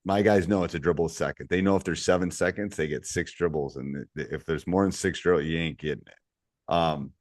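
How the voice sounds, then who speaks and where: Deep-voiced man coaching podcast host. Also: brisk, no echo, clean studio sound. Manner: relaxed, storytelling, drops to low asides. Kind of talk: casual podcast chat.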